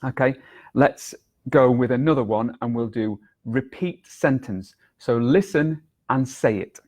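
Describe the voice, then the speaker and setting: A man teaching a video lesson as an English exam tutor, speaking clearly and deliberately and exaggerating intonation to demonstrate. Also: mid-range voice, darkish tone.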